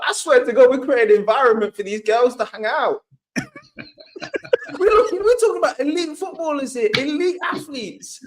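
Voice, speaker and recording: A man's voice: very high voice, animated, normal speed. A young man, telling mocking stories as a football fan on a panel. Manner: mocking, storytelling. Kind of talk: casual fan debate.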